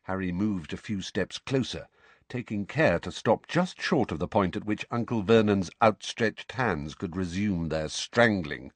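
A man narrates a novel with an animated, rolling delivery. His low voice has a husky edge, and it sits close and dry with no room sound at all. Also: measured pace, no echo. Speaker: audiobook narrator. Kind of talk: scripted storybook narration.

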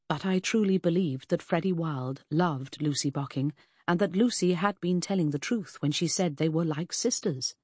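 A woman narrating a first-person audiobook in a measured, expressive way. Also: deep voice, no room sound, clean studio sound.

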